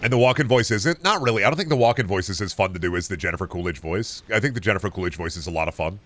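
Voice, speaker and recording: A young man streaming a game, talking casually and rambling with lots of swearing as he answers chat, his pitch jumping up and down. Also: very fast, a bit bright. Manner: rambling and profane, reacting to chat; pitch leaps up and down often. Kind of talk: casual live-stream chat while gaming.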